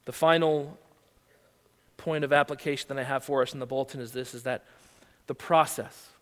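A male pastor preaching a sermon, retelling the text with animated storytelling and rhetorical questions, in a long-reverb hall. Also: medium pitch, moderate pace.

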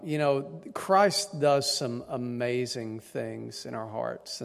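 A man with an East Tennessee twang, a guest church leader speaking to a congregation in a tired, folksy, joking way. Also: mid-range voice. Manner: folksy, self-deprecating humor. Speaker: district superintendent, guest preacher. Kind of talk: sermon introduction. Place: church sanctuary. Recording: long church hall reverb.

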